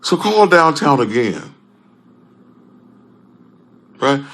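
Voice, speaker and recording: Man, impassioned speaker, bright tense tone, lively pitch swings, faint background hum. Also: drawn-out words. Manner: emphatic and repetitive, swings between loud and low. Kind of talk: impassioned public address.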